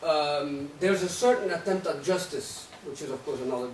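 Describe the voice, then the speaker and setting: A man in the audience presses a provocative argument and keeps checking in with a rhetorical "right?". His voice sits a little high. He is picked up from far off in an echoey hall with faint background noise. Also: moderate pace. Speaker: audience questioner. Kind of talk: academic Q&A discussion. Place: lecture hall. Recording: echoey room, distant mic, faint noise.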